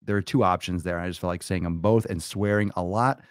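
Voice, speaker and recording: A man's voice: low-pitched, steady tone, a little fast, no echo, clean studio sound. A man hosting a podcast alone, brash, crude and theatrical, swearing constantly and stretching words out for emphasis. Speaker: podcast host. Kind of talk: profane comedic podcast monologue.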